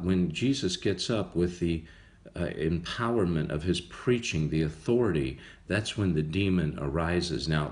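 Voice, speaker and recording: A man giving a casual Bible study sermon, talking conversationally and repeating phrases for emphasis. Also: low voice. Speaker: preacher.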